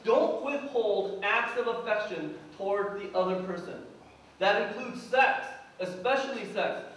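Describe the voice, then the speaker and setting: A high-voiced man preaches an earnest sermon as pastor, acting out prayers and quotes along the way. His voice carries from a distance in a very echoey church hall, with a faint hum of room ambience underneath. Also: unhurried, fairly bright tone. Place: church sanctuary.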